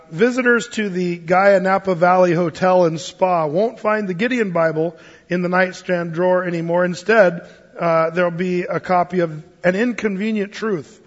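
A man preaching a sermon as pastor, enthusiastic and animated, with fillers and small chuckles, recorded in a church. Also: sits high, normal speed. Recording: dull sound with long church reverb.

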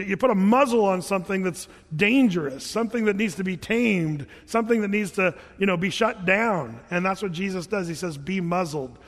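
A male pastor with a voice high for a man preaches in a relaxed, chatty way, stumbling and restarting often. A long reverb trails each phrase, as though the sermon were recorded in a large hall.

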